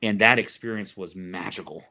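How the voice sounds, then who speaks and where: A middle-aged man with a bright, forceful voice, speaking as a therapist guest in an interview. He tells an earnest story and repeats words as he gropes for the right phrasing. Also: low-pitched, moderate pace. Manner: earnest, repeats words while searching for them.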